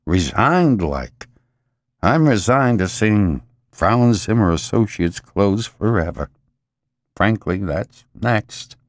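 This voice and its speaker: Man playing a hoarse croaky boss, short round and sweaty, gloomy and blustering, swings up and down in pitch, dry close sound. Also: animated, slow, no echo. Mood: gloomy ranting.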